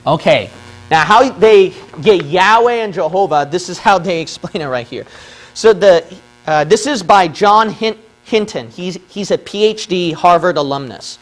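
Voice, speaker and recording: A man's voice: sits high, lively intonation, normal speed. A man giving a lecture from a page of notes, arguing his case and checking in with "okay?" after his points, from the Philippines. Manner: argumentative, repeats points with "okay?". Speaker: religious video presenter. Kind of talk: lecture on a whiteboard.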